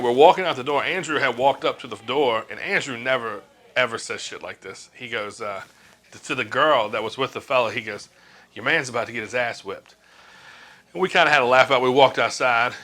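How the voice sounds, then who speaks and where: Bright-voiced man telling a casual story. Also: mid-range voice, fairly quick. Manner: laid-back, swears freely, acts out quoted lines. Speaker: tattoo artist telling a shop story.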